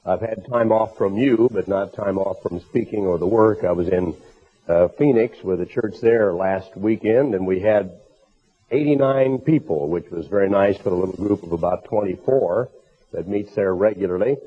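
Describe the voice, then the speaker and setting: A man with a hoarse, raspy voice from a bronchial illness, preaching earnestly in a recorded sermon for a tape program. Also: low voice, normal speed. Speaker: minister. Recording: tinny phone-like tape recording.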